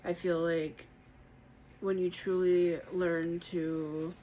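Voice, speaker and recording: A woman giving a spiritual collective tarot reading, gentle and encouraging, reflective, with many pauses and fillers and moments of emotion. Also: fairly low pitch, level tone, a little hiss or hum, poor audio. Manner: emotional at times. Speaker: tarot reader.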